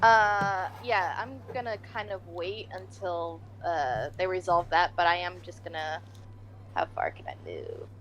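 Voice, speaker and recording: A woman's voice: fairly low pitch, animated, measured pace, a bit bright, a little hiss or hum. A woman playing a tabletop game, speaking hesitantly. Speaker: player. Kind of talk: tabletop role-play.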